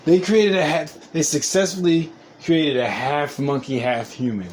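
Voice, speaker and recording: A man's voice: a little high, normal speed, few pauses, a little mellow, slight background noise. A man riffing alone on his podcast, rambling, repeating himself, laughing often and cursing freely. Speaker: podcast host. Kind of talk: casual podcast monologue.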